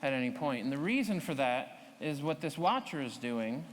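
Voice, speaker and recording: A man explaining a live coding demo at a tech conference, talking to the audience in a relaxed, explanatory way. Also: medium pitch, moderate pace, in a large hall. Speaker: conference speaker. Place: conference hall.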